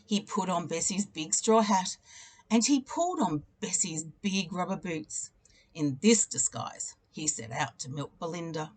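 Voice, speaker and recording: Animated woman reading a picture book. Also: fairly low pitch, a little slow. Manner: expressive, animated storytelling with repeated refrains. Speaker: teacher.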